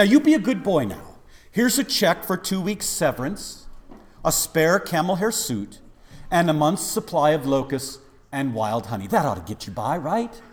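A man preaching, acting out exasperated church members who scold their pastor in a mock-polite way. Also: high-pitched. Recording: long reverb of a large hall.

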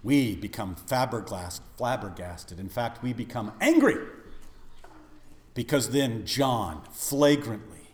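A man's voice: mid-range voice, very animated, takes it slowly. A man preaching a dramatic sermon in a church, acting out the voices of people in the story. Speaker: pastor. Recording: long reverb of a large hall.

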